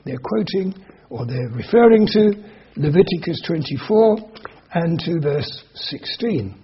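Husky high-voiced male preacher, lo-fi. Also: expressive, unhurried. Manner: reads scripture aloud then explains it, swinging between soft and emphatic. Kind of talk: expository sermon on scripture.

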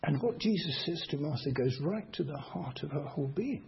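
A man preaching a sermon slowly and deliberately, asking the congregation rhetorical questions. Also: a little high, expressive, gravelly. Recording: dull lo-fi recording.

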